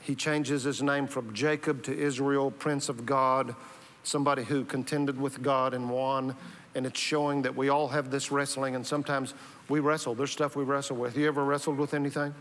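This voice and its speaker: A male pastor preaches a sermon conversationally in a church sanctuary, often restarting and repeating words. His mid-range voice is flat in delivery and fairly bright, at normal speed. The recording has the reverb of a church hall.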